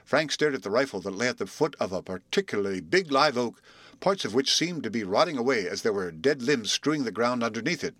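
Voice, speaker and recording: A man narrating a storybook reading in an expressive, measured way. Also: medium pitch, no echo.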